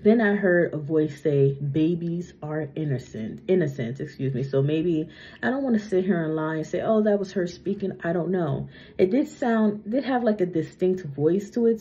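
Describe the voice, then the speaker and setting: A woman's voice: low-pitched, mellow. A young adult woman doing a psychic reading in a casual monologue, chatty, tagging sentences with "right?" and "okay?", her speech a little slurred from a retainer. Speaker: psychic medium. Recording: muffled lo-fi recording.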